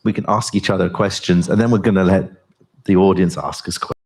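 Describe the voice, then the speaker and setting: An older man, a professor, giving a conference talk and then chatting onstage, with halting speech full of fillers and restarts. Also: low voice, fairly even intonation. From England.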